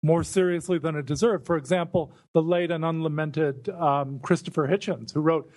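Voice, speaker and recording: A man interviewing a guest, asking long curious questions in a relaxed conversation. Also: fairly high pitch, normal speed. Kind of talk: casual conversation.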